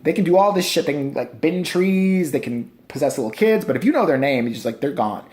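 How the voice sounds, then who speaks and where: A man's voice: on the high side, expressive, a little fast, a little mellow. A man giving a casual, ranting movie review, sarcastic and profane, mocking what he watched. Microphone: handheld camera.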